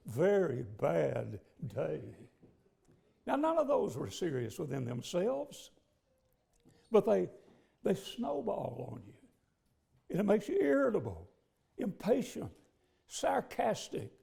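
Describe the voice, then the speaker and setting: A middle-aged male preacher with a heavily gravelly, mellow voice pitched a little high for a man. He tells a long personal story from the pulpit in a relaxed, folksy manner, pausing often as he goes. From southern United States. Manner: folksy, conversational storytelling with many pauses. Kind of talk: storytelling sermon. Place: church sanctuary.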